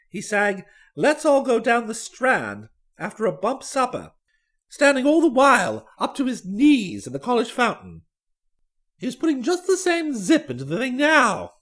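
An audiobook reader narrates a comic storybook tale in the persona of a dry, amused young gentleman. The delivery stays wry and conversational, while the pitch shifts very widely from line to line.

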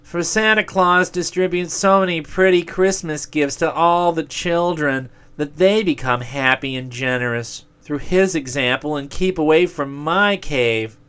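A man's voice: on the high side, a little slow, hardly any pauses, a bit bright, clean tone, voice pushed up. A selfish storybook demon whines in a raised, dragging voice, put on by a male reader. He sounds sulky and scheming, and he coaxes more than he threatens. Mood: lonesome.

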